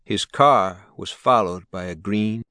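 Very low-voiced male narrator. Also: slow, bright, forceful tone, dry recording, studio quality. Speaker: audiobook narrator. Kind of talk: scripted narration.

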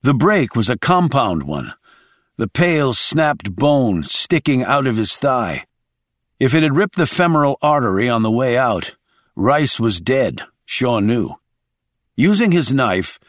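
A man's voice: mid-range voice, dry recording, clean studio sound. A man reading a thriller audiobook in a dramatic storytelling voice. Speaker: audiobook narrator. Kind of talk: scripted thriller narration.

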